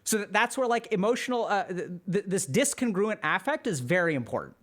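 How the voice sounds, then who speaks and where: A man talking through ideas on a livestream, his voice lively and fairly high. He speaks casually, with frequent fillers and restarts, as if chatting with viewers. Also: brisk. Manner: animated, conversational, frequent fillers. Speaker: streamer and psychiatry educator. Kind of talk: livestream explanation.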